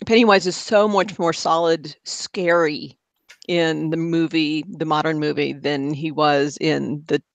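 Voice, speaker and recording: A man with a fairly high voice on a podcast, recorded dry and close with little room sound. He mostly chimes in with quick agreements. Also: fairly even intonation, creaky, a bit bright, no room sound. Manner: short agreeing interjections. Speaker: podcast co-host. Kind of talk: casual chat.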